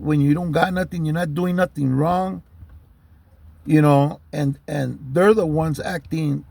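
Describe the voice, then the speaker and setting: A man's voice: fairly high pitch, gravelly, a little mellow, husky. A man telling personal stories in a heated, profane, rambling way. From Southern California. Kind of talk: casual storytelling monologue.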